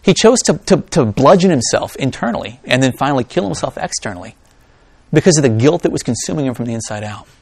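A man's voice: medium pitch, fast, gravelly, no echo. A man preaching a sermon, reading scripture aloud and then talking to his congregation with asides and jokes. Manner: reads scripture aloud, then talks to the congregation in an animated, joking way. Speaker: pastor.

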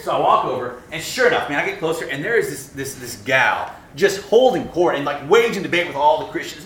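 A man's voice: fairly high pitch, fairly quick, few pauses. A man giving a sermon to students, telling stories with humor and acting out the voices in them. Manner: animated, acts out voices in his stories. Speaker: campus minister giving a talk. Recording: echoey room, mic at a distance, faint noise.

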